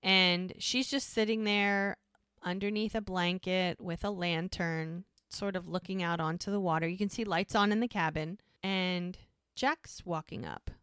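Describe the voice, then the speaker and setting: A woman's voice: on the low side, steady tone, a little slow, fairly bright tone, clean tone, no echo, studio quality. Woman retelling TV scenes. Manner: retells scenes acting out the characters' lines. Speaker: podcast co-host. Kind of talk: casual recap chat.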